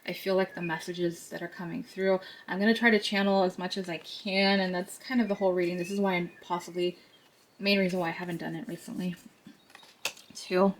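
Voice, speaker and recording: A woman's voice: fairly low pitch, level tone, brisk, a little hiss or hum. A woman giving a tarot card reading to her viewers, talking in a chatty, earnest way with many fillers and asides.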